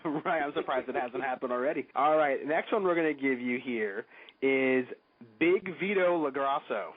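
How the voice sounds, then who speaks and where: A man's voice: medium pitch, moderate pace, no echo. Chill guy hosting a wrestling podcast, dry tinny phone-ish sound. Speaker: podcast host. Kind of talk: casual interview hosting.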